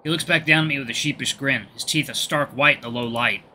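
A man hosting a gaming video, reading a visual novel aloud with relaxed, chatty asides. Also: mid-range voice, fast, slight background noise.

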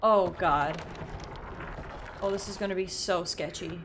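A woman streaming a game and talking through it live, excitable, shrieking, laughing and swearing when things go wrong, and reading the on-screen text aloud. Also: on the low side, a little slow, noisy background. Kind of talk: live gameplay commentary.

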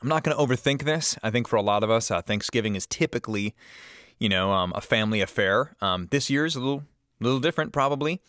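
A voice actor in a casual video message, relaxed and friendly, with frequent ums. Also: male voice, mid-range voice, fast talker, no echo, clean studio sound.

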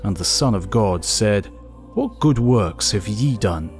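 A man reading an old scripture text aloud as scripted narration, in a solemn, measured way. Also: on the low side, expressive, darkish tone. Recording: faint music behind.

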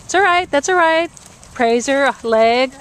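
A woman's voice: high-pitched, lively intonation, measured pace, fairly bright tone. A woman riding instructor coaching a rider live, encouraging her and repeating short commands.

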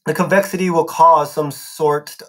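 A man's voice: on the high side, fairly even intonation, normal speed, close to an everyday voice. A man voicing a clever teenage girl who talks in an urgent, brainy way.

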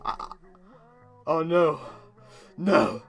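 A man's voice: fairly high pitch, extremely slow, soft background music. A teenage boy doing casual reaction commentary as host, stammering and repeating words, laughing often.

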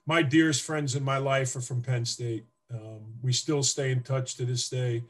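A former football player, appearing as an interview guest, tells emotional stories in a casual way. His mid-range voice moves at a normal speed, and he's animated, acting out the scenes he describes.

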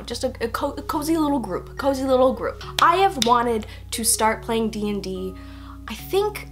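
A woman's voice: a little high, fairly bright tone. A young woman, a fashion student, chatting casually to camera in a bubbly, giggly, playfully rambling way.

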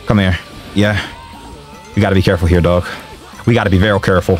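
A young man commenting on his own gameplay, excitable and slangy, often yelling and trash-talking the game as he plays. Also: sits low, fast, faint music behind. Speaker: gaming streamer.

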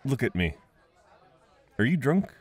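A man playing a gentle, slow-talking guy at a party. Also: mid-range voice, big pitch swings, slightly rough, some chatter behind. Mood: gentle, teasing. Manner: gentle, coaxing, chuckles often. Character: friendly young man at a party, gentle and teasing. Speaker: audio role-play performer. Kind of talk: audio role-play.

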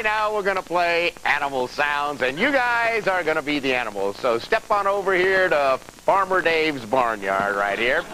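A man hosts a TV game show with upbeat quizmaster patter before a studio audience. His voice is a little high, and the rough, loud broadcast carries some hiss or hum along with music and the crowd.

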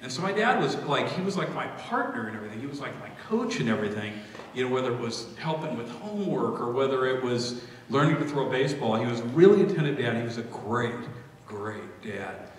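A middle-aged man speaking at his father's memorial, emotional and holding back tears, but laughing warmly at times. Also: mid-range voice, lively intonation, brisk, a little hiss or hum. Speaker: eulogist son. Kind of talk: memorial eulogy. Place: large echoey hall. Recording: echoey hall from far off.

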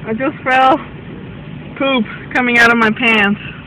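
Very high-voiced, nervous man vlogging. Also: steady tone, a little slow, pushed and bright, a little hiss or hum, low-quality recording. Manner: nervous, swears, switches between English and Spanish. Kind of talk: casual vlog narration. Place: inside a car lift.

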